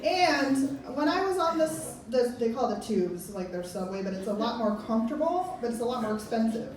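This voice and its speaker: A woman's voice: a little high, sing-song, a little fast, darkish tone. A stand-up comedian woman, echoey club from far off. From Pennsylvania. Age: 30s. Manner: rambling, self-mocking, laughing at own jokes.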